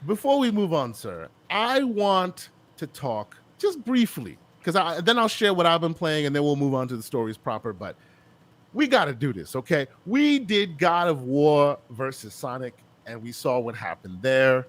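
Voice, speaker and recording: A man's voice: fairly high pitch, very animated, moderate pace, a bit bright. A man co-hosting a gaming podcast, bantering playfully like a hype man and calling people "sir". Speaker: podcast co-host. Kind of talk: casual gaming podcast chat.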